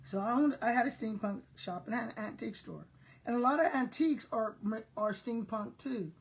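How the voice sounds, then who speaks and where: Her voice is on the high side and husky, and she speaks at a normal pace over poor audio. An older online seller and vlogger, she tells her viewers stories in a chatty, laughing style, speaking to them directly.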